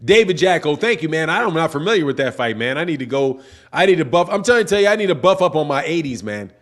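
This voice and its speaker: Middle-aged male stream host, high-pitched, loose and slangy, rambles through viewer comments. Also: sing-song, fast talker, fairly bright tone. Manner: reads chat comments aloud, slangy and rambling. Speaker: boxing channel host. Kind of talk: casual livestream chat.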